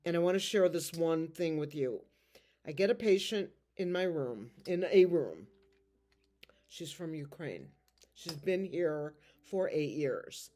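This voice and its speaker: A woman with a low, mellow voice tells a story slowly to her viewers. She speaks in halting phrases and stays close to tears. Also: lively intonation. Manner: halting, emotional, near tears. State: tearful. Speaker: tarot reader.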